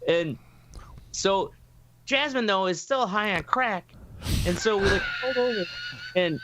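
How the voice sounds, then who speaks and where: A man's voice: high voice, a little slow, noisy background. A man telling a story casually and animatedly, acting out the voices of people in it and swearing freely. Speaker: podcast host telling a story.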